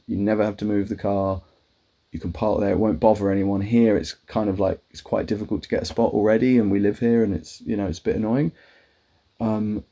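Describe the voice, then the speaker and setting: A man's voice: on the low side, gravelly, warm tone, husky. A man telling a rambling personal story in a casual monologue, swearing often and acting out his own quoted lines. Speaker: vlogger.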